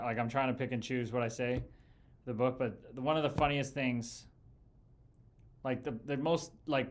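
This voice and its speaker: A man hosting a casual live chat, telling rambling, profane stories about his pro hockey days with lots of fillers and restarts. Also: medium pitch. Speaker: podcast host and former pro hockey player. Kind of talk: casual livestream chat with viewers.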